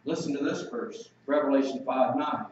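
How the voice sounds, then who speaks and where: A man preaching a sermon emphatically, slowing down to read scripture aloud. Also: medium pitch, fairly even intonation, darkish tone, a little hiss or hum. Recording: echoey, distant, dull recording.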